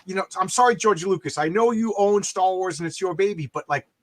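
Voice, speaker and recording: Older man, high-pitched, casual chat, stammering restarts, rambling. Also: brisk, fairly bright tone, slight background noise. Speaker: podcast host.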